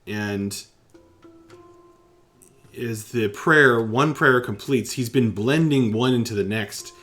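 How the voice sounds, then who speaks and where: A man narrating as game master for a tabletop game, slowly and haltingly, restarting his phrases. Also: mid-range voice, fairly bright tone, soft background music.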